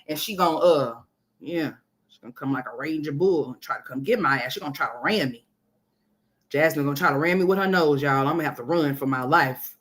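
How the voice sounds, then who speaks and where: A woman putting on a lower, droning voice to mimic a boastful young man she is mocking. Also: lightly acted.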